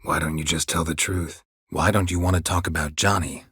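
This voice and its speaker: Laconic game monster hunter: low, raspy, clipped, dry studio sound. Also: male voice, fairly even intonation, brisk, a bit bright, no echo, exaggerated voice. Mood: terse, dry. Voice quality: husky, gravelly low voice. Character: gruff middle-aged male monster hunter, terse and dry. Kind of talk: game voice acting. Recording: dry close studio recording.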